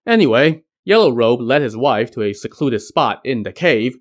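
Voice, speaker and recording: A man's voice: medium pitch, expressive, moderate pace, muffled recording. A man hosting a podcast, narrating a folk tale with wry conversational asides. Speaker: podcast host. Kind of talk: storytelling narration.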